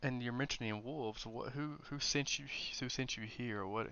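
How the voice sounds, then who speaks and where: A man's voice: medium pitch, moderate pace, bright, forceful tone, a little hiss or hum. A man voicing a guarded, self-made wealthy man who questions late visitors with suspicion. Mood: suspicious. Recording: dull lo-fi.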